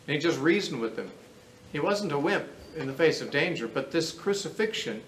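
A man's voice: on the high side, a bit bright. Earnest man lecturing in a roomy hall. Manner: earnest, reasoning aloud, explanatory. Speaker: Bible teacher. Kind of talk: classroom lecture on scripture. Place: lecture room. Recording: roomy echo with faint background noise.

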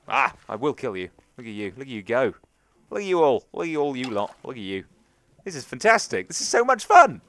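A man's voice: mid-range voice, fairly bright tone, slight background noise. A young man hosting a gaming channel, chatting and rambling through a let's play commentary to his viewers and to the creatures in the game.

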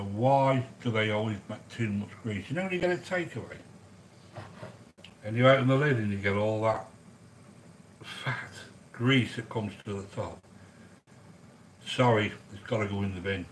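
A man's voice: lowish voice, slight background noise, low-quality recording. A middle-aged man, chatting casually with viewers while cooking a curry on a livestream. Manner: chatty, matey, calls viewers sweetheart. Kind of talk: casual chat.

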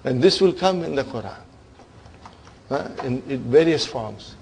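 A man's voice: mid-range voice, lively intonation, unhurried, vocal fry, darkish tone, a little hiss or hum. A man teaching grammar in a classroom lecture, emphatic and often checking in with his listeners.

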